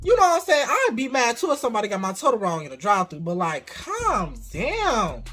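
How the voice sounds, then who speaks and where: A young adult vlogger telling a casual story about their first job, cursing freely and getting animated. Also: mid-range voice, racing, soft background music.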